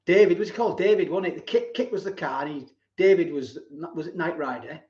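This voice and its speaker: His voice fairly high with a darkish tone, the live-stream host reads out comments from viewers, reminiscing and laughing frequently. The sound is slightly dull and roomy.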